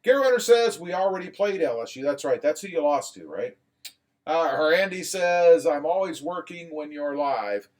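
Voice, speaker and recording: A man hosting a casual live stream, reading viewer comments aloud and chatting back in an animated way. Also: fairly high pitch, normal speed. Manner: animated, rising when excited.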